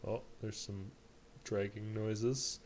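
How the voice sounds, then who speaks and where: A man casually reacting out loud as he plays a game on stream, blurting short comments and mild curses. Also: fairly low pitch, steady tone, slow, a little hiss or hum. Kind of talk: casual let's-play commentary.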